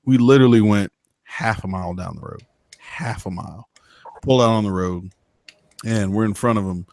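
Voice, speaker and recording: Low-voiced man telling rambling stories. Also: moderate pace, a little mellow, dry recording. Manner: rambling, profane storyteller. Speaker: motovlogger. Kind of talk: casual chat.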